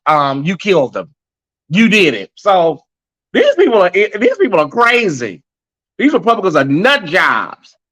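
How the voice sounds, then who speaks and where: A sassy man hosts a live online commentary show in a high voice that sits well above most men's. His tone is bright and forceful, and he chats loosely, calling his audience "y'all" and "honey."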